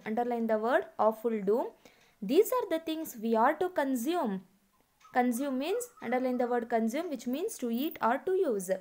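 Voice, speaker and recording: A woman's voice: sits high, expressive, darkish tone. A woman, teaching a class and explaining a poem word by word. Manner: slow, deliberate word-by-word explaining. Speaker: English teacher.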